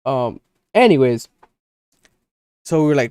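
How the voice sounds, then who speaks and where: A man's voice: mid-range voice, normal speed, darkish tone, dry recording, studio quality. Rambling young man telling a story. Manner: rambling, acts out friends' lines in quotes. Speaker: podcast co-host. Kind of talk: casual storytelling chat.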